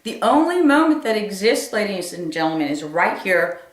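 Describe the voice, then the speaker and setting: A woman's voice: mid-range voice, very animated, moderate pace. Woman telling a story, echoey and distant. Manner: emphatic, repeats phrases for effect. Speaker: comedian. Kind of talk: stand-up storytelling monologue. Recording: roomy echo from a distant mic.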